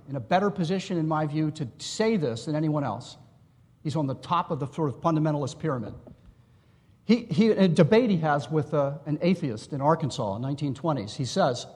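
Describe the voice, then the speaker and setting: A man giving an academic lecture, explaining history in a measured way with asides to his listeners. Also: on the high side, husky. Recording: long reverb in a hall.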